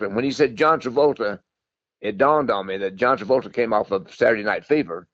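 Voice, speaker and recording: Quick-talking older man telling stories. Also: medium pitch, dry recording, muffled recording. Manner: rambling, folksy, repeats himself. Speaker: guest, country singer. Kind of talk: storytelling interview.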